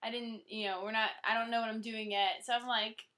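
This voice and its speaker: A woman's voice: a little high, level tone, brisk, pushed and bright. A young woman in her twenties telling her side of an engagement story to the camera, chatty and teasing her partner.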